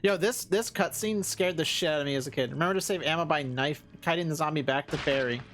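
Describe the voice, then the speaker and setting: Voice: mid-range voice, fast, fairly bright tone, slight background noise. Young rambling streamer. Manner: rambling, laughing, heavy use of filler words. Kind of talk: casual let's-play commentary.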